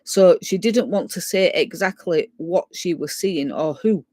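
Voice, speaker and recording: A woman's voice: on the low side, measured pace, mellow, dry recording. A woman telling a ghost story in a casual, chatty way, retelling what everyone said. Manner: chatty, retells dialogue at length, frequent "so" and "and he said". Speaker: guest sharing a ghost story.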